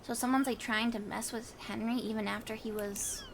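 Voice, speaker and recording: A woman's voice: a little high, fairly even intonation, normal speed, a little hiss or hum. A woman streaming a video game, chatty and self-deprecating, muses aloud and reads the on-screen text. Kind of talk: casual let's-play commentary, reading game text aloud.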